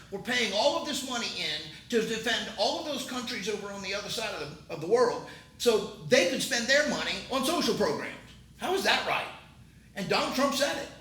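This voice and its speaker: Emphatic, high-voiced commentary host. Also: male voice, sharp tone. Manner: emphatic, indignant. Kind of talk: political commentary. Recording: roomy, distant mic, faint rumble.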